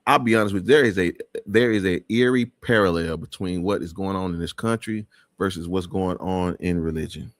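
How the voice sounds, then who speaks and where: Low-voiced man preaching on a live show. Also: fairly quick, dry recording, studio quality. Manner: preachy, emphatic, restarts often.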